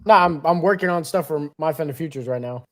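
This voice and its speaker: A man's voice: on the high side, fast talker. A man on the company team, patiently explaining things to viewers on a livestream. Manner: patient, reassuring, explains plainly. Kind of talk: casual chat on a livestream.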